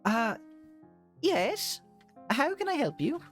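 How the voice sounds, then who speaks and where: A man's voice: very high-pitched, big pitch swings, slow, faint music behind, voice pushed up, full character voice. A man voicing a kind, doting woman in her seventies, with a wobbly put-on British accent, for a tabletop game. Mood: polite. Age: 70s figure. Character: kind, doting old woman with white hair.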